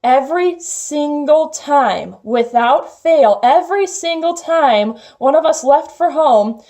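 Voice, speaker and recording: A young female vlogger tells a personal story in a casual, chatty way, packing it with "like" fillers. Her voice is high-pitched and animated yet slow, with a darkish tone.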